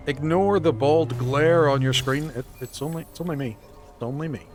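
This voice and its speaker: A man's voice: on the high side, fairly quick, over music. Sweary man streaming a game. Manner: profane banter with chat. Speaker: gaming streamer. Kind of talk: live gameplay commentary.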